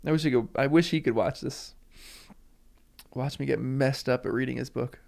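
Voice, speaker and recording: A man's voice: mid-range voice, normal speed, gravelly, a little mellow. A man hosting a live stream, chatting emotionally with viewers and reading from a book aloud.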